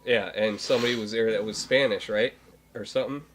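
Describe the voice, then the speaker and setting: Rambling man, slightly low voice. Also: fairly even intonation, brisk, a little hiss or hum. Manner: rambling, many restarts and fillers. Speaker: podcast co-host. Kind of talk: casual chat.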